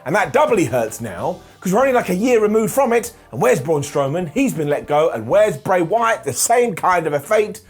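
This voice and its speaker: A man hosting a wrestling ranking video, losing his voice and talking in an animated, theatrical way. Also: high voice, faint music behind. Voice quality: husky. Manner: animated and theatrical, dramatic pauses. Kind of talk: opinionated ranking commentary.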